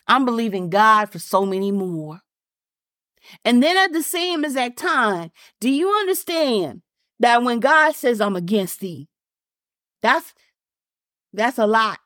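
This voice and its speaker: A woman's voice: on the high side, animated, measured pace, a bit bright, no echo, studio quality. A woman preaching a fervent sermon, repeating lines for emphasis and calling out directly to her listeners.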